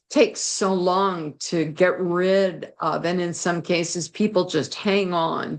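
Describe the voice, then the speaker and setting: A woman guest telling a personal story in an interview, animated and laughing now and then. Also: fairly low pitch, gravelly.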